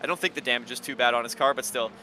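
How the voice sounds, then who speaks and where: A man doing live sim racing commentary, excitable and getting loud in close battles. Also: medium pitch, very fast, slight background noise. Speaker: race commentator.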